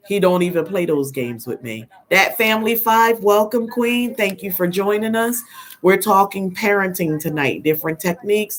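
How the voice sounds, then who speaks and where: Hosting a laid-back live stream on parenting, an older grandmother with a mid-range voice relates stories bluntly and firmly. She dramatizes the quoted conversations and clears her throat every so often.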